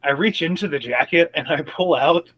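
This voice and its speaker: A man playing a tabletop role-playing game in character, excitable, swearing often and stumbling over restarts. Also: fairly high pitch, moderate pace, low-quality recording.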